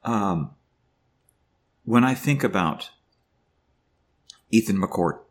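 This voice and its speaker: An older man with a lowish voice speaks haltingly into the camera, stopping, restarting and filling gaps with ums. He sounds emotional throughout, like a personal video diary. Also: expressive. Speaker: vlogger.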